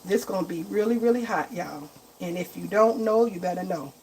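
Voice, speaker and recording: Speaking a little fast in a lowish voice, a woman runs a casual live cooking vlog from her home kitchen, chatting to viewers as y'all and baby. The rough kitchen recording is loud with the sizzle and fry of the pan.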